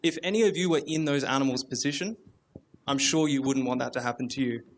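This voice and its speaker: A man's voice: medium pitch, fast, slight background noise. A man in a public debate, arguing his point earnestly and step by step. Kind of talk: argumentative debate.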